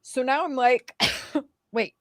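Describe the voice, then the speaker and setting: Woman guest, personal storytelling, emotional, lots of "like" and "right", average pitch, dry close sound. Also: normal speed, no echo. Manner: emotional, animated, many fillers like "like" and "right?".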